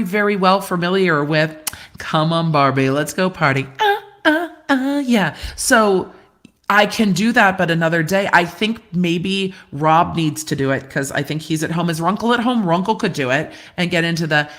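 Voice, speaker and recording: A middle-aged woman lawyer hosting a casual live Q&A, reading viewer comments aloud in a chatty way with quick asides and easy laughs, speaking from a rented room. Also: fairly low pitch, fairly bright tone. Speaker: lawyer and livestream host. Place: rented room indoors, glass cabinets behind her.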